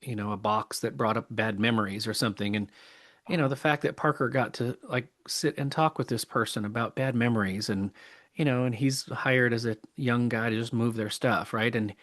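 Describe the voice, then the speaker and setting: Middle-aged male podcast guest, earnest and halting, mid-pitched voice. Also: a bit bright. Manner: earnest, halting, many restarts. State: choked up with emotion. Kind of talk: casual interview talk.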